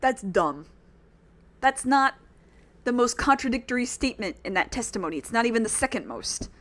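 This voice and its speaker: A woman's voice: a little high, expressive, fairly quick, fairly bright tone. Chatty exasperated woman streamer. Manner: chatty, exasperated, talks straight to chat. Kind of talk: casual let's-play chat.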